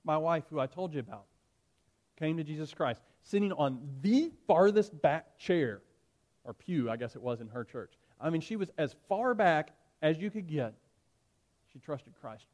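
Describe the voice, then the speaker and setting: A male pastor preaching to his congregation. His voice is somewhat higher than most men's, and he speaks earnestly and emphatically, turning from storytelling to direct appeals. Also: a little mellow. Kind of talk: sermon.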